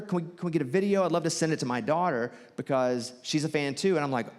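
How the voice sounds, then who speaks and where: A man with a Southern US accent doing stand-up storytelling for a theater crowd, animated and jumping high when he acts out quotes. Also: fast. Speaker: comedian and host. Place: theater stage. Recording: live theater with long reverb and faint ambience.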